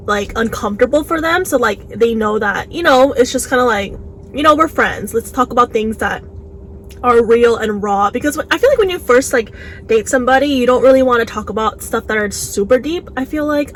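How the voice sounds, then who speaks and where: A young woman vlogger chatting casually while eating, animated and full of "like"s, recorded on a phone in a car. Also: a little high, low-quality recording. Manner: chatty, animated, many "like"s, acts out quotes. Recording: faint background noise, phone recording.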